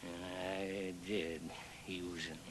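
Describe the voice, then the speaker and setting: A gravelly, menacing backwoods trapper. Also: male voice, mid-range voice, big pitch swings, slow, slight background noise, heavily acted. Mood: brooding. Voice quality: gravelly, threatening then hushed. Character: wild lone male trapper, menacing and haunted. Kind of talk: film drama acting.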